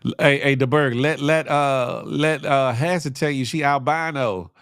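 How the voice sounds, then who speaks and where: A man's voice: medium pitch, measured pace, a bit bright, clean tone, no room sound, clean studio sound. A middle-aged man hosting a morning livestream, reading viewer comments aloud in casual, slangy banter, often laughing. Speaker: host of a morning livestream show.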